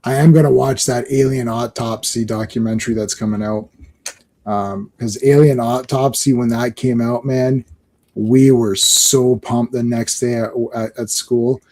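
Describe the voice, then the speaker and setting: With a mid-range voice and an unhurried delivery, a podcast host from Canada shares animated stories in casual conversation. He laughs frequently and tends to repeat words.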